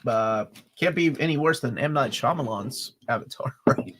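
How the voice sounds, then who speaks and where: A man from Peru co-hosting a casual live stream, animated and quick to laugh as he answers chat comments. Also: mid-range voice. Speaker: co-host.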